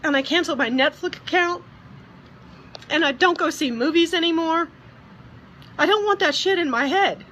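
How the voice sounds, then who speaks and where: A woman speaking earnestly and emotionally in a personal video message, often halting and restarting. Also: very high-pitched, pushed and bright, slight background noise. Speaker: vlogger.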